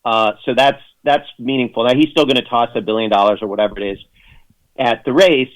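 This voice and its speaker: A man's voice: medium pitch, fairly quick, poor audio. Rambling, sardonic man on a talk show. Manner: rambling, many fillers and restarts; sardonic jokes in mock voices. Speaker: guest. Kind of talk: casual radio interview chat.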